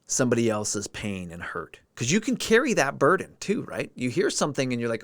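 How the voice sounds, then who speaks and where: A man's voice: mid-range voice, big pitch swings, fairly quick, no echo. A man hosting a live stream, talking earnestly and emotionally and answering viewer comments as he goes. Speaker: livestream host. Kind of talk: heartfelt livestream talk.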